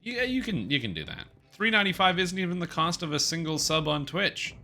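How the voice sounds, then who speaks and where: A man's voice: high-pitched, big pitch swings, brisk, pushed and bright, soft background music. A man in his thirties streaming a game, joking and rambling as he reads chat aloud. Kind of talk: casual stream chat while gaming.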